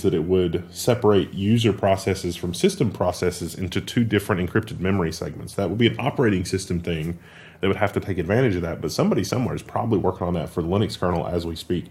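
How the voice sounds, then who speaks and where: Man, low voice, tech news co-host, casual chat, quick and sarcastic. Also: expressive, mellow. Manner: quick, laughing, sarcastic asides.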